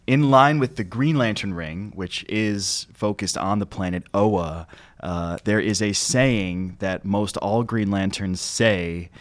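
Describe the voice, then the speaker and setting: A man co-hosting a casual radio show, relaxed and easygoing as he chats and sets up the next songs. His voice sits fairly low. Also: takes it slowly, dry recording. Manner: relaxed and easygoing, with fillers and laughs. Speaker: radio co-host.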